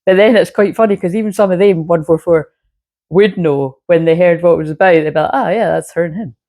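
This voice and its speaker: A woman's voice: fairly low pitch, steady tone, fairly quick, warm tone. A woman giving a casual, rambling astrology reading full of fillers. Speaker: spiritual reader.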